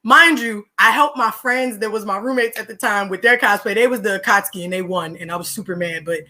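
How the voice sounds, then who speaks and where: There's slight background noise as a young woman with a mid-range voice talks briskly. A podcast guest from Philadelphia, USA, she tells stories in animated, slangy, casual chat, laughing between lines and mid-story.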